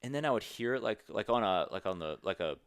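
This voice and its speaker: A young man with a very low voice speaks as a guest on a podcast, earnest and rambling as he circles back and restarts his thoughts. The sound is close and dry, with no room echo. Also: lively intonation, fast, vocal fry, clean tone. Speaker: podcast guest, strength coach. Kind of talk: candid conversational interview.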